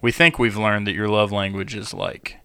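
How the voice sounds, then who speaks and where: A man co-hosting a podcast, chatting casually with joking, quick comebacks. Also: fairly low pitch, flat delivery, bright, forceful tone, clean tone. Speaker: podcast co-host.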